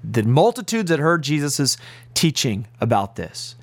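A man's voice: medium pitch, sing-song, unhurried, no room sound. A man teaching as pastor on a radio Bible program, preaching earnestly and urgently with emphatic repetition.

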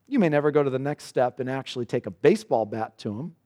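A man preaching a sermon in earnest. His pitch rises for questions and drops low and slow for solemn passages. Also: lively intonation, dark tone. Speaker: pastor. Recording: long reverb of a church hall.

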